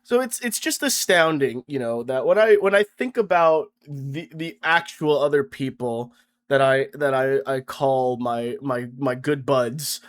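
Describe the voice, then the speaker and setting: A man's voice: mid-range voice, measured pace. A young man delivering a sarcastic, profane comedic rant about his friends, stammering through restarts. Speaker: vlogger.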